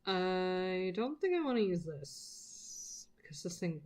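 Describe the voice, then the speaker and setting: Lady art streamer, low-ish voice, slow and rambly, swears a lot, mumbles while she draws. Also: sing-song, a little mellow. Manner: swears freely, rambling, self-deprecating. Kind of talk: casual chat while drawing live.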